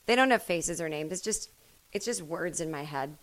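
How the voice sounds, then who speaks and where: A woman hosting a solo comedy podcast from home, rambling and self-mocking, with sudden loud bursts. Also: on the low side, expressive, normal speed, poor audio. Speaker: podcast host.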